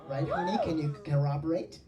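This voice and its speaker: A woman's voice: low voice, wildly swooping pitch, a little fast, a crowd in the background. A woman hosting a live comedy show, chatty and giggling as she introduces the next act. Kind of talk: casual stage introduction. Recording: echoey, distant mic in a live room.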